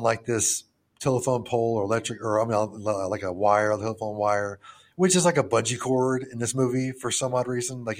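Crude, laughing young podcast guy. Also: mid-range voice. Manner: crude, laughing, acts out film moments. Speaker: podcast co-host. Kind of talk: casual podcast film review.

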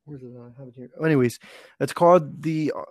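A man in his twenties hosting a casual chat, telling stories in a relaxed way and laughing easily. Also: on the high side, quick pace, no echo, studio quality.

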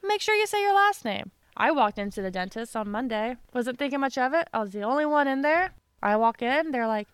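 A woman co-hosting a podcast in casual chat, telling a story with animated quoted voices and frequent laughter. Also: sits high, brisk, clear, resonant tone, dry recording. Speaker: podcast co-host.

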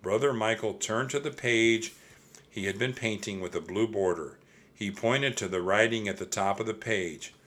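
A man reading a children's chapter book aloud as narrator, with expressive storytelling. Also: on the low side, moderate pace.

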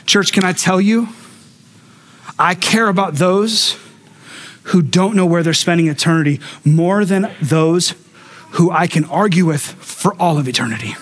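A man preaching a sermon in a noticeably high voice for a man. He tells lively stories, throws in humorous asides to the congregation, and acts out the people he quotes. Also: measured pace. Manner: animated storyteller acting out quoted voices. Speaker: pastor.

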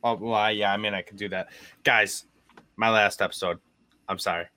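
A man's voice: fairly low pitch, steady tone, normal speed, bright, forceful tone. A man co-hosting a podcast, joking crudely with friends, then saying sentimental goodbyes. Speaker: podcast co-host. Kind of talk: casual podcast banter.

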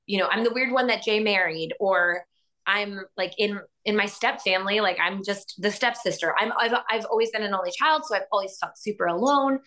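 A woman hosting a podcast, talking in a rambling, animated way with many fillers and frequent laughs. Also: mid-range voice, a little fast. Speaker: podcast host. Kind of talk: casual chat.

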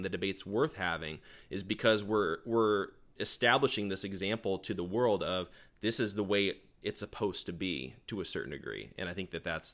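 Low-voiced host guy, bright edge, rambles and thinks out loud. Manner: rambling, reflective, many fillers. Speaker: podcast host. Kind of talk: casual interview chat.

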